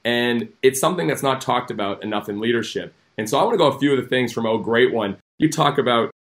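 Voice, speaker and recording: A man hosts an interview and responds to his guest with eager, affirming energy. He talks in an ordinary, mid-pitched voice while guiding the talk to the next topic. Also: fast. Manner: enthusiastic and affirming. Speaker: podcast host.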